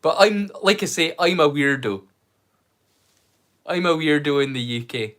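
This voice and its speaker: A man's voice: on the high side, animated, unhurried, fairly bright tone. A British man hosting a live watch-along stream, chatting casually in a jokey, rambling, self-mocking way to his viewers. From United Kingdom. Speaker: livestream host.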